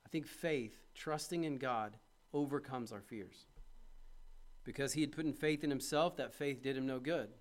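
In a medium-pitched voice at a moderate pace, a man preaches to his congregation, putting questions directly to them. His sermon swings from quiet reflection to loud, impassioned appeals.

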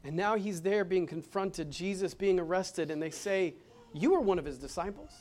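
A male pastor delivering a sermon, moving between hushed passages and loud, emphatic ones. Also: high voice, animated, moderate pace. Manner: dynamic preaching, swings from hushed to loud and emphatic. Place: church.

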